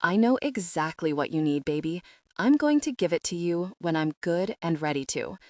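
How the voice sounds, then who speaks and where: A woman's voice: expressive, moderate pace, a little mellow, no room sound, clean studio sound, close to an everyday voice. A woman voicing a possessive, murmuring lover. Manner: low, murmured, confident. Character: commanding, possessive adult man, a lover.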